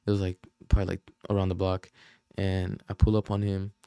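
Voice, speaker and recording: A young man on a podcast tells a story in a casual, slang-heavy way, swearing and often losing his thread. His voice is low, dark and relaxed. The sound is dry and close. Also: fairly quick, smooth, no echo. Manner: rambling, slangy, profane, loses his train of thought. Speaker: podcast host.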